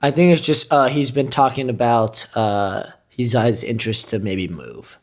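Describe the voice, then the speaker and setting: A man of middle pitch telling stories in a loose, joking way, swearing freely as he rambles. He talks like a podcast co-host chatting with a friend. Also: lively intonation, normal speed. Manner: rambling, profane, joking storyteller. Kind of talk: casual chat.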